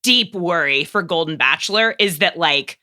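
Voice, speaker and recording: A woman guest on a podcast, chatting casually in an animated, blunt and joking way. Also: on the low side, normal speed.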